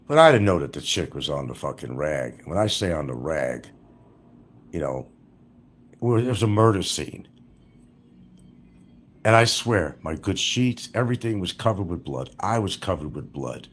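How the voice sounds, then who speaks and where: A man's voice: low-pitched, sing-song, moderate pace, long pauses, a little hiss or hum. A middle-aged man livestreaming, telling rambling, crude and profane stories about his past.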